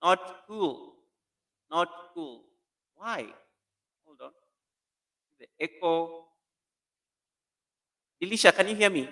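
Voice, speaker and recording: A man's voice: sits high, expressive, takes it slowly, pauses often, sharp tone. A man hosting a casual live stream, animatedly greeting viewers by name while testing a new computer mic in an echoey room.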